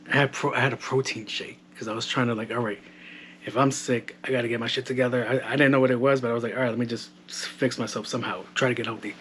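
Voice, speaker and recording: Male podcast host, relaxed and profane, mid-pitched, recorded at home with light household noise. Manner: loose, joking, swears freely. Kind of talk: casual solo podcast chat. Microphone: modded home microphone. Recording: faint household background noise. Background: household background noise.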